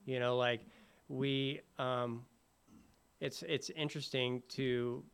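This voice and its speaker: A man telling his sobriety story in a halting way, full of fillers and restarts. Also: mid-range voice, level tone, clean tone. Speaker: recovery speaker sharing his story. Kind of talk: personal recovery talk.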